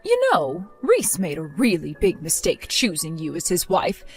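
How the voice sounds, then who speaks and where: Cold and contemptuous, this mother-in-law talks down with a lowered, heavy voice and a wide swing between her words, a woman acting her out. She scolds in a bitter, accusing way, and soft music plays underneath. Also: wildly swooping pitch, unhurried, heavily acted. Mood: scornful. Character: stern older mother-in-law, scornful and accusing. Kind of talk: text-story voice acting.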